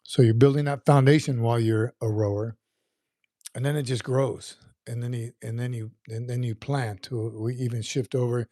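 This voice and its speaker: Man, fifties, livestream host, loose rambling chat, mellow tone, dry close sound. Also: medium pitch, fairly even intonation, moderate pace, no echo. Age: 50s. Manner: rambling, repeats words, reads viewer comments aloud.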